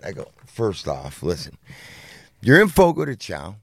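Man, middle-aged, podcast co-host, casual profane storytelling, lively pitch, dry close sound. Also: normal speed, husky, no room sound. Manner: profane, animated anecdote with acted-out quotes.

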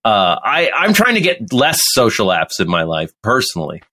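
A man's voice: on the low side, huge pitch swings, normal speed, bright, forceful tone. A man hosting a casual podcast chat, joking sarcastically, laughing often and restarting his sentences. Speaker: podcast host.

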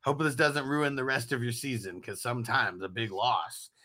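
A man's voice: medium pitch, steady tone, moderate pace, pushed and bright. A man hosting a casual morning podcast chat, rambling, swearing and laughing often. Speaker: show host.

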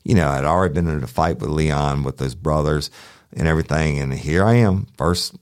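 A man's voice: rumbling low, brisk, no room sound, studio quality. A man, a former sheriff's deputy, telling a true crime story in a casual, profane, folksy way, talking to listeners as y'all.

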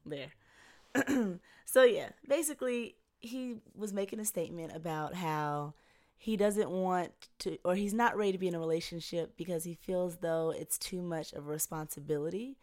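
A woman's voice: on the low side, moderate pace, darkish tone. A woman appearing as a guest on a casual podcast, matter-of-fact as she keeps correcting the host.

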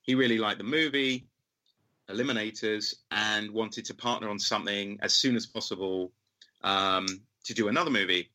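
A man's voice: fairly low pitch, steady tone, normal speed, pushed and bright, rough recording. A man in his thirties with a London accent, a film director telling a long story in a casual, rambling interview. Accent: London English. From England. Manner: chatty, rambling, full of fillers and acted-out quotes.

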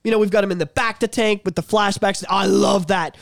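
Man, high voice, excitable, swears a lot, dry close sound. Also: fairly quick, vocal fry, no room sound. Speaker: podcast host. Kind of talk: casual chat.

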